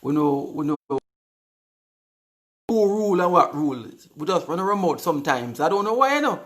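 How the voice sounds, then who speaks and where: A man's voice: a little high, very animated, moderate pace. A Jamaican man hosting a live stream, chatting casually and reading out viewers' comments, often repeating his words. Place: indoors on live video.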